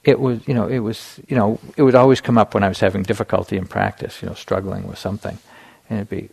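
Gravelly man telling a dharma story. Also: lowish voice, fast talker, few pauses. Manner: relaxed storytelling with many restarts and fillers. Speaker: meditation teacher. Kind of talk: dharma talk.

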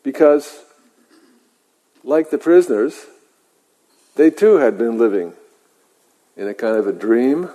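A man, a meditation teacher, telling a story in a measured, reflective way with halting pauses, in a meditation hall. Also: medium pitch, animated, mellow. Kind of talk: dharma talk storytelling. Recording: long hall reverb.

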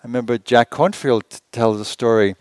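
A man teaching meditation at a retreat, talking conversationally and asking rhetorical questions with gentle humor. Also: mid-range voice, fairly quick, clear, resonant tone, no echo. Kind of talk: retreat dharma talk.

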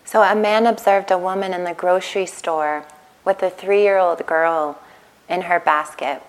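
A woman meditation teacher giving a gentle dharma talk at a retreat, telling stories in a soft, calm way. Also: lowish voice, measured pace, low-quality recording. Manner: gentle, storytelling, soft-spoken. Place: retreat center meditation hall.

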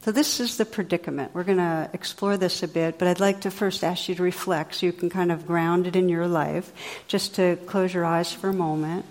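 Woman meditation teacher, low gentle voice, unhurried reflective guidance, long hall reverb. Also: fairly even intonation. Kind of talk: dharma talk and guided reflection.

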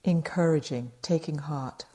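Low-voiced, mellow woman meditation teacher. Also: measured pace. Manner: gentle, conversational, talks to the audience with light humor. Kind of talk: dharma talk at a retreat.

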